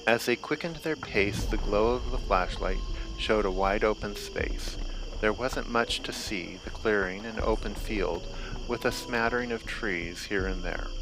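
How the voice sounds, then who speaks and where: A man narrating a horror story in a steady, measured reading. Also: on the low side, background noise. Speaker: author reading. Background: music.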